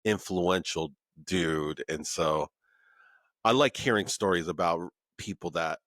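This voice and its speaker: Deep-voiced man hosting, dry sound. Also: slow, a bit bright, dry recording. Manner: enthusiastic, says "like" and "man" often. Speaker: podcast host. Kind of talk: casual interview chat. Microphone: remote recording.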